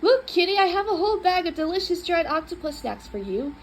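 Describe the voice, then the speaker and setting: Woman playing a frantic cat owner, high sugary voice. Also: sing-song, fairly quick, slight background noise, heavily acted, poor audio. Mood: pleading. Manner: exaggerated sugary then blustering, squealing. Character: flustered cat owner coaxing and bossing a stubborn cat.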